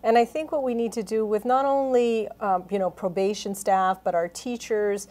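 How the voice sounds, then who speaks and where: A woman's voice: mid-range voice, fairly even intonation, normal speed, warm tone. A woman interviewing a guest, speaking earnestly, telling stories and leaning on fillers and repeated words. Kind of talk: interview conversation.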